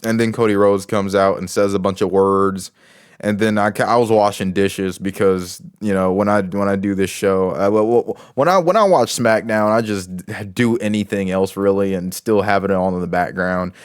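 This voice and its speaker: A man's voice: fairly low pitch, steady tone, moderate pace, clean tone, no echo, studio quality. A man giving casual commentary as a wrestling show reviewer, rambling with many restarts and fillers.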